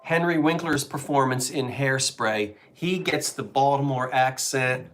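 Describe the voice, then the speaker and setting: With soft music in the background, a middle-aged man with a Philadelphia accent speaks a little slowly at medium pitch, his tone fairly bright. He's from the Delaware Valley, USA, and co-hosts a live antiques-selling stream, chatting, reminiscing, and joking casually.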